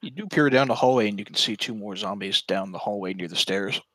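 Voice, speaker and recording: Male game master, slightly low, clear bright tone, calm measured delivery. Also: no echo, poor audio. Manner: calm, measured narration with fillers. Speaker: dungeon master. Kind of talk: narrating a tabletop game over voice chat.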